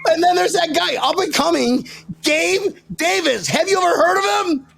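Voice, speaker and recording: A man with a high, very animated voice and a gravelly edge hosts a sports podcast. He jokes and teases in excitable, casual banter, swinging his pitch up and down as he argues. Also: normal speed. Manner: joking, excitable, teasing. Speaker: podcast host.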